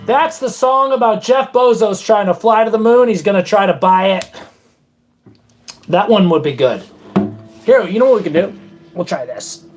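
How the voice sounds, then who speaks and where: A live streamer in casual, rambling chat, with a voice of middling pitch. The talk is loose and playful, drifting into short improvised silly songs. A faint guitar plays in the background. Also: lively intonation, moderate pace, long pauses. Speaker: livestream host and musician.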